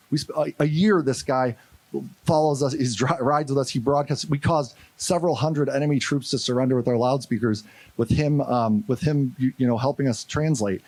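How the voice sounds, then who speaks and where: A St. Louis, USA, man with a medium-pitched voice talks a little fast during a conference keynote. His storytelling is energetic and animated, and he acts out the voices of the people involved.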